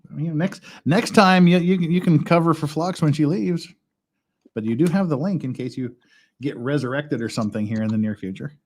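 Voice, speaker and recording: A man's voice: on the high side, brisk, a little hiss or hum. A man hosting a casual livestream, rambling and chuckling as he builds Lego and counts pieces aloud. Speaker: stream host.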